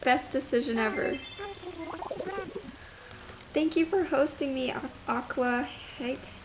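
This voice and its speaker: A young woman streaming a video game, chatting to her viewers in a casual, gushing, easily excited way. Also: high-pitched, takes it slowly, background noise. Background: game music.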